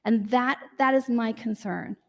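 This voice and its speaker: Woman senator, floor debate speech, insistent and earnest, a bit high voice. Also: steady tone, unhurried. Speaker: state senator. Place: legislative chamber.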